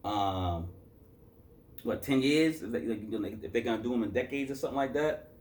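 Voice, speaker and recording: A man's voice: medium pitch, a little fast, darkish tone, slight background noise. A man from Boston reviewing a hip-hop album in loose, rambling casual chat, tired after a work shift and full of fillers and self-corrections.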